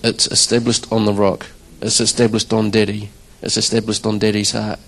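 A man's voice: on the low side, normal speed, vocal fry, low-quality recording. A man, a church drummer, telling a conversational testimony to a congregation and acting out his own reactions. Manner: conversational, animated storytelling with acted-out quotes.

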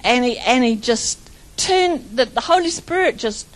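A woman's voice: a little high, animated, unhurried, poor audio. A woman preaching a charismatic sermon, fervent and chanting repeated lines, rambling with restarts and bursts of laughter.

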